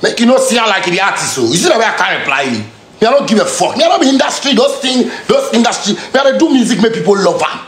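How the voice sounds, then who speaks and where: A man speaks with a strong Ghanaian Pidgin English accent, his voice sitting high and leaping all over the place as he rants. He is confrontational and streetwise, hammering the same phrases again and again. The room is echoey, with a faint hiss of noise underneath. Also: big pitch swings, fast talker, a bit bright. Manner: confrontational, heated, streetwise slang, repeats phrases. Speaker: musician. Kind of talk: angry direct-to-camera rant.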